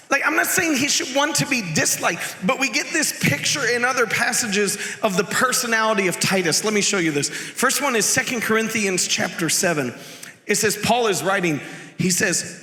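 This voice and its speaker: Pastor, male, lively jokey preacher, bright tone, echoey church hall. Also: high voice, normal speed. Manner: animated, jokey, acts out quotes. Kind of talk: sermon. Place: church sanctuary.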